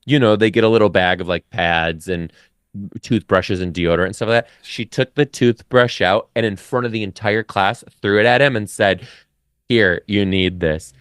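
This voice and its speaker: A former teacher, a man guesting on a casual podcast, emphatic and profane, jumping high in pitch when he quotes himself. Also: fairly even intonation, normal speed, fairly bright tone, clear, resonant tone, no echo, clean studio sound. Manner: emphatic, swears freely, big pitch jumps when quoting.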